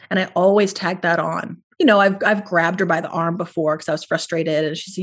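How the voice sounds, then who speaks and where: A woman with a mid-range voice, speaking at normal speed, appears as a guest in a podcast interview. Earnest and reflective, she talks about her parenting in long, flowing thoughts.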